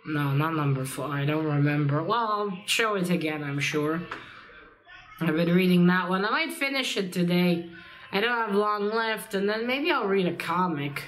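A young adult woman chatting casually in a reading vlog, rambling and swearing lightly, with a slight cold. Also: on the low side. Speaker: book vlogger.

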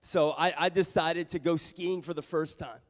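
Pastor, man, high voice, sermon delivered as an animated, self-deprecating story; long church reverb. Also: moderate pace. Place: church sanctuary.

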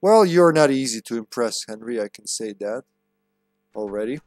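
A man's voice: medium pitch, animated, normal speed, a little mellow, no room sound, studio quality, faint music behind. A man streaming a game, casually commentating, cracking jokes, swearing, and reading the on-screen text aloud.

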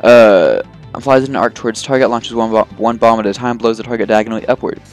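A man's voice: on the low side, quick pace. A man giving casual, rambling commentary on his gameplay as a let's play host, joking at his own expense. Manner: rambling, self-deprecating, jokey, lots of fillers. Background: faint game music.

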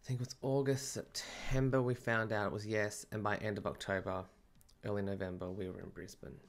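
A man who works as a medium and podcast host tells a personal story in a casual, chatty podcast monologue, often breaking into laughter. His voice is fairly low and flat, and he speaks fairly quickly.

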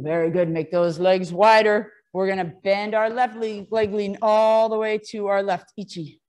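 A woman karate instructor leading a children's class, calling commands and counting in Japanese, encouraging but gently firm. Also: medium pitch, fairly even intonation, normal speed, few pauses.

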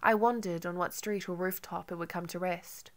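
A woman narrating an audiobook in an intimate, measured first-person reading. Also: on the low side, fairly even intonation.

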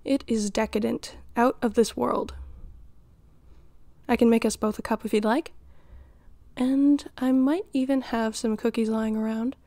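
Here a woman takes the part of a middle-aged mother in an audio role-play, one who dotes, flirts, teases and nurtures, with giggles and flustered pauses along the way. The pitch is fairly high, the intonation fairly even, the tone warm, and the recording has no echo.

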